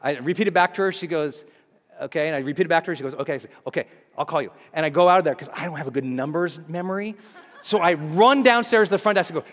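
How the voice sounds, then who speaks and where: Animated storytelling man in an echoey hall. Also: quick pace. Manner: animated, acts out scenes with big pitch jumps. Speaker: motivational speaker. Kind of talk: storytelling talk to an audience.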